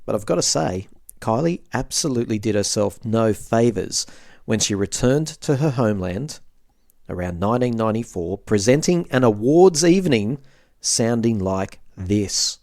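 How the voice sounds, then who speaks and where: A man's voice: on the low side, animated, moderate pace, a little mellow, no echo, studio quality. Wry Australian man hosting a podcast. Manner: wry, chatty commentary. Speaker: podcast host. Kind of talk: scripted monologue.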